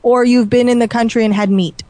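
A woman's voice: a little high, fairly even intonation, a little fast, warm tone, dry recording. A woman on a radio show, chiming in earnestly during casual banter.

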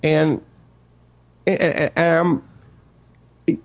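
A slightly high-voiced man with a gravelly edge, co-hosting a loose conversation. He tells his story in an animated, profane way and often stops to restart a thought. His tone is easygoing and chatty. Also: extremely slow. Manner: profane, animated retelling of an annoying encounter. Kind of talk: casual storytelling chat.

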